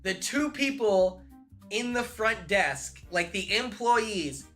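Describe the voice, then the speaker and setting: A young man streaming live, telling a rambling, animated story full of "like" into a desk mic. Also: high-pitched, slow pace, soft background music. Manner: rambling, animated, heavy use of "like". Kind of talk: casual storytelling on a livestream.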